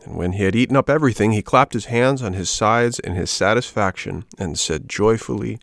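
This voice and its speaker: A man with a low, gravelly voice narrating a storybook. His delivery is measured and even. The recording is dry and close, with no room sound. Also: no echo. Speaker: audiobook narrator.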